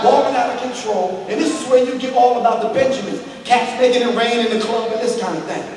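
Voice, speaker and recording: A middle-aged man giving a fiery, preacher-like lecture, speaking straight to the crowd. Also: very high-pitched. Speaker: speaker addressing an audience. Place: large hall with an audience. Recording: echoey hall, voice picked up from far off.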